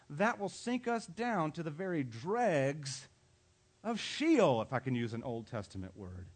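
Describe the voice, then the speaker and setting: A man, a pastor, preaching a sermon with emphatic delivery and dramatic pauses. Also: fairly high pitch, breathy edge.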